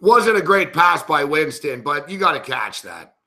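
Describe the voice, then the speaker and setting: A man reacts live to a football game, cursing at every bad play. His voice sits fairly high and sounds bright and edgy. His pitch jumps all over as his frustration builds. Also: very animated, normal speed. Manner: frustrated, profane ranting at the game. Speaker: sports betting analyst.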